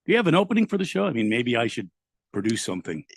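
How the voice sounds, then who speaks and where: Gravelly-voiced male radio host. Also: medium pitch, very animated, very fast, no echo. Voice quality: gravelly, always sore-throated. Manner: loose, self-deprecating, filler-heavy. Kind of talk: casual radio banter. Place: radio studio. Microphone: studio mic.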